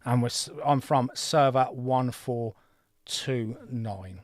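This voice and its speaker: A man in his forties hosts a gaming livestream, chatting in a rambling, self-deprecating way as casual commentary. His voice is medium in pitch and he takes things slowly.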